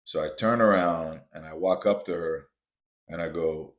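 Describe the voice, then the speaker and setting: A low-voiced man hosts a podcast and tells a motivational story from his own life. He talks casually to his listeners and calls them guys. He builds to emphatic, repeated points, and the room around him echoes. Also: fairly even intonation, normal speed. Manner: builds to emphatic, repetitive punches. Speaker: podcast host. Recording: roomy echo.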